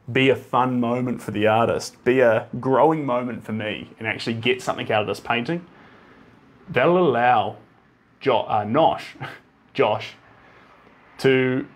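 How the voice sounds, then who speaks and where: While painting on a live stream, this New Zealand man in his thirties chats and rambles from one thought to the next in a mid-pitched, even drawl he himself calls monotone. He reads viewer comments aloud as they arrive, laughing along.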